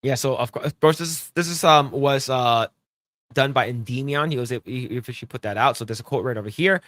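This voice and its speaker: A man's voice: mid-range voice, fast, fairly bright tone, dry recording. A man co-hosting a podcast, chatting casually and reading news aloud with blunt, crude jokes. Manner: blunt, joking, crude asides. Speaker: podcast co-host.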